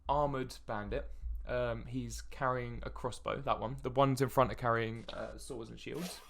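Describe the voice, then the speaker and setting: A man narrating a tabletop game as dungeon master, describing scenes with halting fillers. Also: mid-range voice, fairly even intonation, creaky, fairly bright tone, a little hiss or hum.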